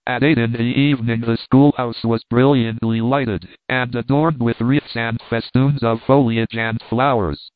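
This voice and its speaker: A man narrating a classic novel as an audiobook reader, reading in a measured way and speaking punctuation marks aloud. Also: medium pitch, clear, resonant tone, no room sound. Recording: tinny phone-like sound.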